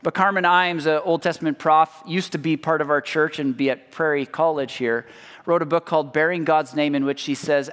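A man preaching a sermon as pastor, slow and emphatic, letting phrase ends drop low. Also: fairly even intonation, a bit bright. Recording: long hall reverb.

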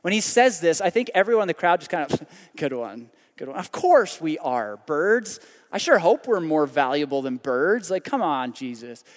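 A man's voice: a little high, sing-song, moderate pace, long reverb tail. A man from Canada preaching a sermon in a conversational way, with frequent asides and rhetorical questions. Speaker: pastor.

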